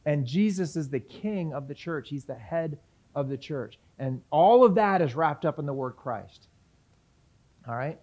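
A man's voice: a little high, animated, a little slow, a little mellow, lo-fi sound. A man teaching from the Bible in a sermon, asking the audience questions and reading passages aloud. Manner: reads scripture aloud.

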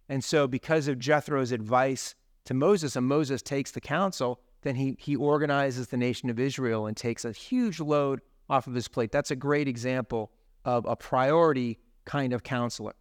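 Smooth-voiced pastor, conversational sermon. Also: male voice, medium pitch, normal speed, no echo, clean studio sound. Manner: conversational, with tag questions and asides.

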